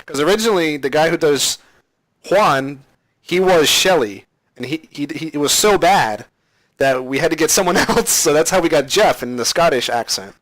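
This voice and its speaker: A man hosting a casual podcast, rambling with many fillers and getting animated when he tells a story. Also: fairly high pitch, normal speed, no room sound, rough recording. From Florida. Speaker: podcast host, machinima creator. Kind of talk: casual chat.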